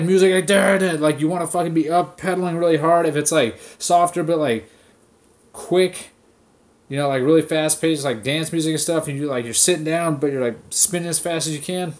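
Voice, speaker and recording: A man's voice: fairly high pitch, moderate pace. A man hosting a podcast, ranting casually with heavy swearing and mocking impressions of people. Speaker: podcast host. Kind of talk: casual profane rant.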